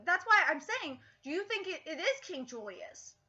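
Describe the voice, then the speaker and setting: A woman streaming a live manga reaction, excitable, swearing freely and thinking out loud with lots of fillers. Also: extremely high pitch, normal speed, muffled recording.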